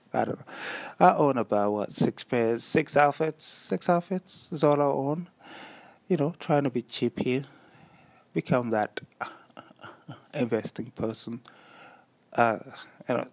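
A man's voice: on the low side, gravelly, darkish tone, no room sound. A young man hosting a solo diary-style podcast, rambling and musing aloud with self-mocking asides. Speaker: podcast host.

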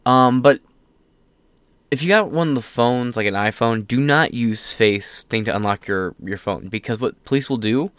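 A man's voice: mid-range voice, a bit bright, dry recording. A young man hosting a casual commentary show, reading news aloud with rambling, profane asides and off-the-cuff remarks. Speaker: political commentary host.

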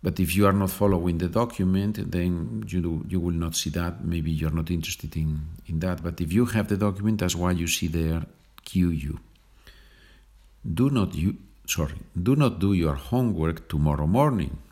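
Brief Male podcast language teacher, deep husky voice, patient and chatty. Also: a little mellow. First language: Spanish. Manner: slow deliberate example sentences, chatty asides ending in "okay?".

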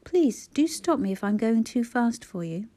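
A woman voicing a brisk shopper who speaks with sarcastic emphasis. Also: fairly high pitch, sing-song, dark tone. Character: brisk sharp-tongued woman shopper, kind but sarcastic.

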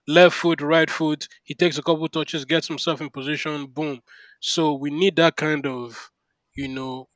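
A man co-hosting a casual podcast, talking in an animated, rambling way with lots of fillers. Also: on the high side, a little slow, dry recording, low-quality recording. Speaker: podcast co-host. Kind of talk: casual chat.

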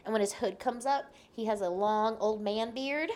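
A woman's voice: on the high side, moderate pace. A young woman chatting as a podcast guest, telling a story animatedly and acting out the lines of the people in it. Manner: animated, acts out quoted lines, laughs often. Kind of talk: casual storytelling chat.

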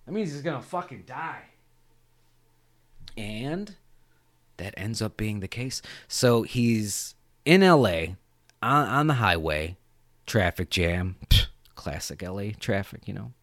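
Male podcast host, lively and swearing a lot, close dry mic, very expressive pitch. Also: takes it slowly, long pauses, no echo. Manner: profane, rambling, animated retelling. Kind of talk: casual film chat.

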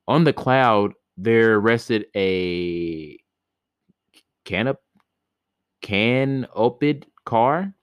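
A man's voice: on the low side, lively intonation, very slow, long pauses, clear, resonant tone, no room sound, studio quality. A man reading an old myth aloud for a podcast, stumbling over words now and then and breaking off to joke about it. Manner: reads with stumbles and laughing commentary. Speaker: podcast host reading myths. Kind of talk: casual read-aloud storytelling with asides.

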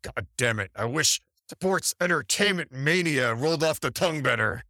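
A man co-hosts with dry, sarcastic jokes, his voice bright and slightly raised in pitch. The sound is close and dry with faint music underneath. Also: lively intonation, normal speed, no room sound. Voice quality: sarcastic, joking. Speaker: podcast co-host. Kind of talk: casual chat recapping old wrestling episodes.

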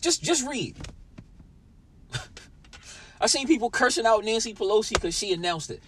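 A man's voice: high voice, animated, unhurried, long pauses, fairly bright tone, a little hiss or hum. A young man hosting a podcast, ranting with lots of swearing and talking straight at his listeners in a sour, angry mood. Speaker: podcast host. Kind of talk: profane solo podcast rant.

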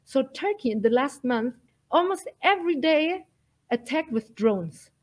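A woman's voice: high voice, animated, a little slow, a little mellow. A woman guest in an interview, talking earnestly and emphatically, with many fillers. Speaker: guest, militia fighter.

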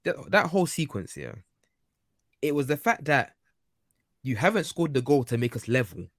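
Male co-host, blunt banter, animated, dry room. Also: mid-range voice, moderate pace, no echo. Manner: blunt, exasperated, slangy. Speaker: podcast co-host. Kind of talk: casual football chat.

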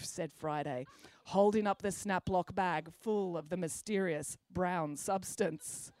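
A woman reading a children's story aloud, expressive and good-humoured. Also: lowish voice, takes it slowly, no room sound, clean studio sound.

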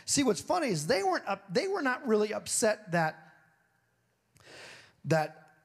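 A man preaching a sermon with a somewhat high-pitched voice. He talks in a loose, conversational way, sinking low and hushed for scripture and rising sharply when he makes a point. He often slips into other people's voices to make the story vivid. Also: huge pitch swings, measured pace, gravelly, slightly rough. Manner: swings between low, hushed reading and high, emphatic stretches. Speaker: pastor.

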